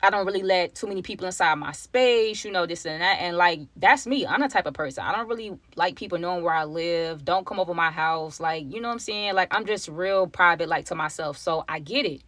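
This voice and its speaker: A woman's voice: on the low side, fairly quick, few pauses, fairly bright tone, dry recording. A young woman telling a personal story to her viewers in a casual, chatty way, often calling them y'all. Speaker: storytime vlogger.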